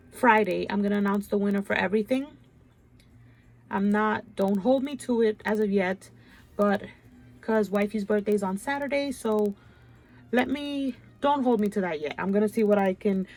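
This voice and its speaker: A chatty woman shows off her crafts in a casual, gushing vlog voice. She sounds stuffed up, and her mid-pitched voice has a gravelly fry running through it. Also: normal speed, darkish tone. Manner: gushing, chatty, keeps saying "you guys". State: stuffy nose. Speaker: craft channel host. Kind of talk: casual show-and-tell chat.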